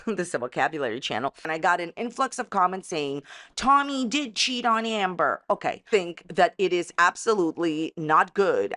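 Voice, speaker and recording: A woman with a medium-pitched, somewhat bright voice rants in a sarcastic, catty YouTube commentary. It's a casual commentary rant in which she mocks with a repeated running joke.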